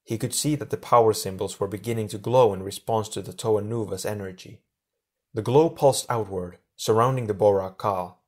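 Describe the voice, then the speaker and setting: A man narrating an audiobook chapter in a steady storytelling manner. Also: fairly low pitch, normal speed. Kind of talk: scripted narration.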